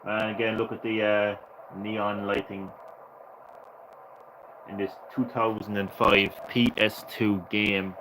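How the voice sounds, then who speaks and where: A man's voice: lowish voice, flat delivery, slow, long pauses, noisy background. Sarcastic, swearing game commentator man. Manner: sarcastic, profane ranting asides; rambling, self-correcting chatter. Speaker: gaming channel host. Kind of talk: let's play commentary.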